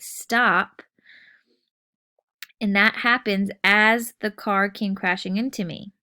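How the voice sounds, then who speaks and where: A woman's voice: a little high, fairly bright tone. A woman teacher giving a recorded writing lesson, explaining patiently step by step and checking in with "okay?" and "right?".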